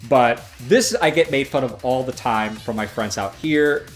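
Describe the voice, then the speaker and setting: A man's voice: medium pitch, a little slow, soft background music. A man from Chicago hosting a casual gaming livestream, swearing freely and drifting into tangents. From Chicago, American Midwest. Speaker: livestream host.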